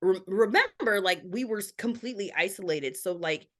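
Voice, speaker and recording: A woman's voice: mid-range voice, expressive, normal speed, a bit bright. A woman guest on a podcast, telling her family story openly, with lots of filler likes. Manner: open, candid storytelling. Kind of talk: casual interview chat.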